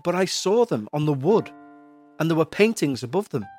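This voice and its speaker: A man's voice: fairly high pitch, very animated, moderate pace, a little mellow, faint music behind. A man voicing a frightened little boy, pleading and breathless.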